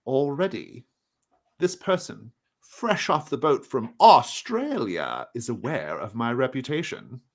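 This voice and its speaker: A man voicing a nebbishy, pompous little male detective inspector, lecturing in a lively, high voice. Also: unhurried.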